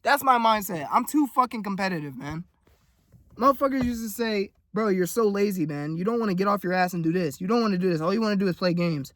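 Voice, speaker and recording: A young man ranting to camera in a heated, swearing monologue, his voice jumping higher and louder when riled up. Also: expressive, fast talker, dry recording. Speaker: vlogger. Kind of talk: profane motivational rant.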